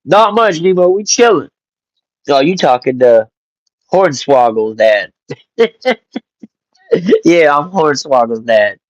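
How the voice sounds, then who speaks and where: A man hosting a casual live stream, greeting chat viewers by name and telling stories in an animated, joking way with some swearing. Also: on the high side, slow, long pauses, no echo, lo-fi sound. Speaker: livestream host.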